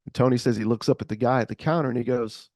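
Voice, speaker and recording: A man co-hosting a podcast, telling a story in a casual, animated way. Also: mid-range voice, fast, no echo, studio quality. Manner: animated, acts out voices. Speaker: podcast co-host.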